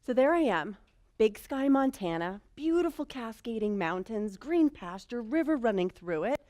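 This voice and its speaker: A woman telling a personal story in a talk, animated and self-mocking, swinging between hushed lines and loud bursts. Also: fairly high pitch, moderate pace. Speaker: speaker.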